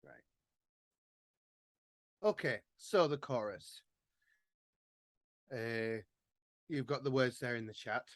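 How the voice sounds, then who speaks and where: A man gives an online lesson and sounds out each word slowly and carefully, then asks learners to repeat. His voice sits in the middle range for a man. The computer mic sounds very dry and close. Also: mid-range voice, dry recording. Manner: slow, careful word-by-word pronunciation. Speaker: Gaelic language tutor. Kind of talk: online workshop teaching pronunciation. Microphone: computer microphone on a video call.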